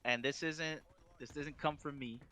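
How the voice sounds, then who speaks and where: A male podcast co-host who cracks wisecracks and self-deprecating jokes. His voice sits a bit high and sounds bright and forceful. The talk is loose, casual chat. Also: steady tone, unhurried, slight background noise.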